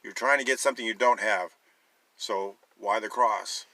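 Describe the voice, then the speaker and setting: A man with a low, strongly forceful voice delivers a sermon-style monologue, pressing the listener with rhetorical questions and a wry, sarcastic edge. The sound is close and dry, with no room around it. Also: normal speed, no room sound, rough recording. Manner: emphatic, urging, rhetorical questions. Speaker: Christian teacher.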